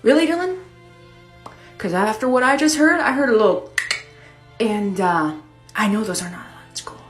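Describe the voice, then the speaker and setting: A woman's voice: medium pitch, fairly quick, roomy sound, faint music behind. Chatty young woman telling a story. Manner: animated, chatty, swears freely. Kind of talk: casual storytime.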